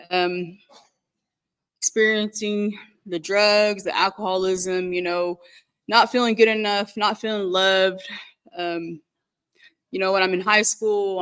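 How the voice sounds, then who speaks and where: Woman with a bright voice, halting recovery testimony. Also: medium pitch. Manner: halting, repetitive, with many "you know" fillers; earnest and candid. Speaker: speaker sharing her recovery story.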